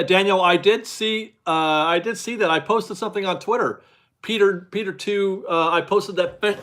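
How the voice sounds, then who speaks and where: A man with a slightly high voice hosts a casual live stream and chats with viewers. He rambles, restarts his sentences and laughs easily. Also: fairly bright tone. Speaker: livestream host reading viewer chat.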